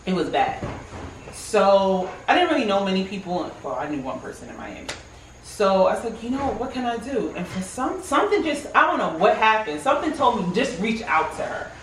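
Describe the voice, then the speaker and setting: Woman, from new york, emotional testimony, animated storytelling, echoey room, distant mic. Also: medium pitch, normal speed, a little hiss or hum. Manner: animated storytelling, acts out her own past remarks. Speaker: team member sharing her story. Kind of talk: emotional personal testimony in a group circle. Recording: roomy, from a distance.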